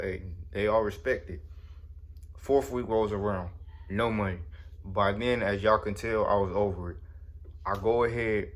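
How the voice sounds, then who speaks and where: Laid-back young man telling a story. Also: on the low side. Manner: slangy, laid-back, repeats "you know what I'm saying". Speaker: storyteller vlogger. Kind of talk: casual storytime.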